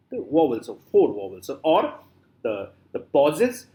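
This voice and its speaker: Middle-aged male professor, lively intonation, repeats words slowly for students, lots of fillers. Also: fairly high pitch. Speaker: literature lecturer. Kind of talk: classroom lecture.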